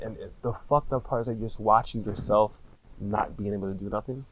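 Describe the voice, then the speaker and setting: A man in his thirties, a podcast guest, telling a personal story candidly, in casual slang with frequent swearing and halting restarts. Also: on the low side, steady tone, slight background noise, poor audio.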